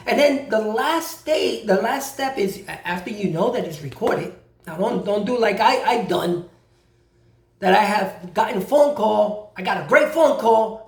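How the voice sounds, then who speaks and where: Animated man explaining in a roomy echo. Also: high-pitched, moderate pace. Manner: animated, acts out both sides of phone calls; repeats himself for emphasis. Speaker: credit repair advisor. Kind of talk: casual how-to explainer.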